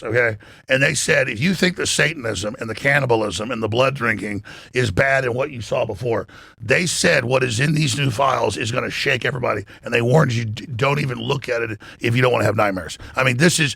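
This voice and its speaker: A man talking as a podcast guest, animated and emphatic, swearing freely and acting out what others said. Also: medium pitch, no room sound. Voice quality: gravelly, husky. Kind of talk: excited podcast talk. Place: in Florida.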